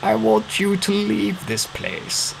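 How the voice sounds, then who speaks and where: A man's voice: sits high, sing-song, slow, creaky, a little hiss or hum, pitched above the performer's own voice, exaggerated voice, rough recording. A man voicing a sick old father who speaks shakily and weakly. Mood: urgent. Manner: shaky, weak.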